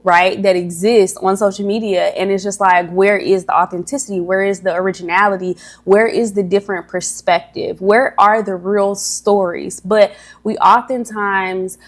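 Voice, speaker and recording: A young woman hosting a casual motivational livestream, chatty and a little nervous, often stumbling over her words as she rambles. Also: medium pitch. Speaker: livestream host.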